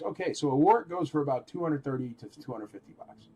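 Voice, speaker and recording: A man hosting a live-stream toy auction, chatting in a rambling, animated way and calling out bids. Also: fairly high pitch, quick pace, hardly any pauses, rough recording.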